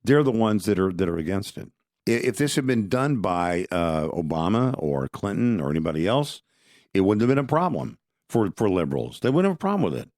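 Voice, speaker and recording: A man's voice: low-pitched, big pitch swings, fairly quick, a little mellow, no room sound, studio quality. A man co-hosting a podcast, talking politics casually and with strong opinions, often restarting his sentences. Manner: conversational, opinionated, frequent restarts. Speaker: podcast co-host.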